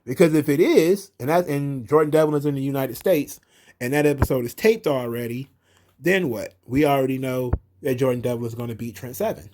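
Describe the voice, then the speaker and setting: A man hosting wrestling commentary runs through a show in a casual, sarcastic way, cursing a lot and not mincing words. His medium-pitched voice is brisk and a little mellow.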